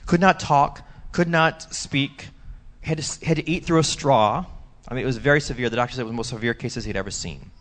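Emphatic male pastor telling a testimony. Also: a little fast. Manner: emphatic storyteller, swinging between loud bursts and hushed low lines. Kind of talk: sermon testimony. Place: church.

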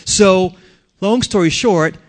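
Animated man preaching a sermon. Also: high-pitched, slow pace. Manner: animated and storytelling, asks the congregation questions. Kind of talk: conversational sermon.

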